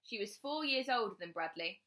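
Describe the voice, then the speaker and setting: Teacher reading a kids' chapter book, animated, bright. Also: female voice, medium pitch, moderate pace, slight background noise. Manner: expressive, lively storytelling.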